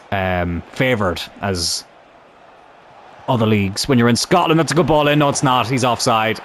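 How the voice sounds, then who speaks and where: A young man commentating on his own football video game in a chatty, animated way, swearing mildly as he plays. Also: mid-range voice, a little hiss or hum. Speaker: gaming YouTuber.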